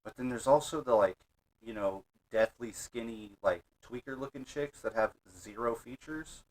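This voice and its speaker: A man's voice: mid-range voice, normal speed, rough recording. A man co-hosting a reaction show, rambling crude and profane commentary.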